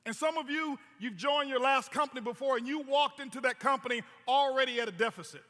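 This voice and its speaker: A man's voice: very high-pitched, fast, bright, forceful tone. A man presenting network marketing in a motivational stage talk, telling stories with punchy repetition and rhetorical questions. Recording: long hall reverb.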